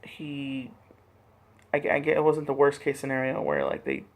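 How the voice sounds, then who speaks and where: A man speaking in a halting, earnest personal vlog monologue, repeating words and swearing as he makes his point. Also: mid-range voice, sing-song, gravelly. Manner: earnest, impassioned. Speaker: vlogger.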